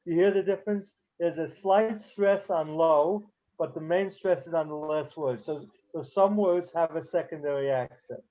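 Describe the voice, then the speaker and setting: A man's voice: fairly high pitch, normal speed, hardly any pauses, highs cut off. A man teaching a beginners' Hebrew class online, explaining patiently with frequent fillers.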